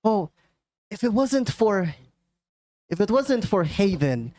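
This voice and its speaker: A woman's voice: medium pitch, sing-song, takes it slowly, dark tone, no echo. A woman voicing a stern female official with a thick put-on Russian accent.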